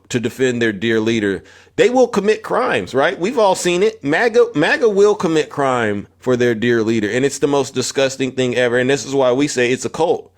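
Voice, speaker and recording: A man running a political livestream with a confrontational, preachy manner. He repeats phrases, climbs in pitch on emphatic lines and calls viewers out one by one. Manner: confrontational, repetitive, calling out viewers by name. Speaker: livestream host.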